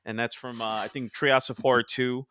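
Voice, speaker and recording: A young man from New Jersey hosting a casual podcast chat, chatty and quick to quote cartoon lines in animated voices. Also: mid-range voice, smooth, dry recording, studio quality. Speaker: podcast host.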